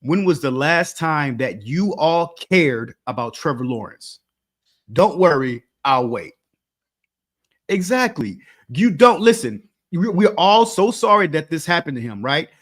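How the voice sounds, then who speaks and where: A man's voice: on the high side, big pitch swings, measured pace. A man co-hosting a sports podcast in casual chat, blunt and emphatic, with some swearing. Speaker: podcast co-host.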